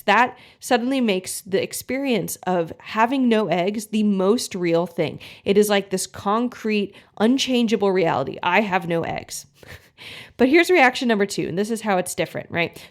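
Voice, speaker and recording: A woman health coach giving a motivational talk to viewers, encouraging and using everyday examples. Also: medium pitch. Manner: encouraging, uses homely examples and acts out inner thoughts.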